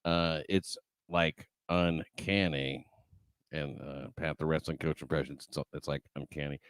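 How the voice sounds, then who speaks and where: A man's voice: extremely low pitch, fairly even intonation, a little slow, fairly bright tone, clean tone, no room sound, clean studio sound. A man hosting a casual late-night show, talking loosely with profane asides and laughter. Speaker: podcast host.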